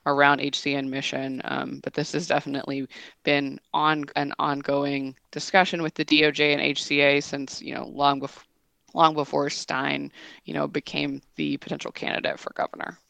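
A woman reporter talks through regional news on a radio panel in a chatty way, full of "um" and "you know." Her voice has a gravelly fry to it, and the sound is dry. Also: low voice, level tone, moderate pace, fairly bright tone, no room sound.

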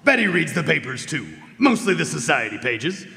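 A man playing a gravelly talking dog detective. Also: on the high side, big pitch swings, moderate pace, pushed and bright, long reverb tail, exaggerated voice. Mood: dry. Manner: dry, wry remarks. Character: talking dog detective taking notes, dry. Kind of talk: radio drama acting.

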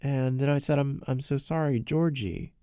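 A man's voice: medium pitch, fairly even intonation, normal speed, warm tone, clean tone, dry recording, clean studio sound. A man narrating a personal story in an earnest way, often repeating words as he talks. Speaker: podcast narrator.

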